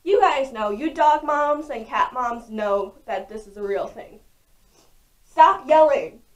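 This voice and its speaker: Loud, frank young woman vlogger. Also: on the high side, measured pace. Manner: talks loudly and frankly, with many fillers. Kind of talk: casual chat to camera. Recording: voice distant from the mic.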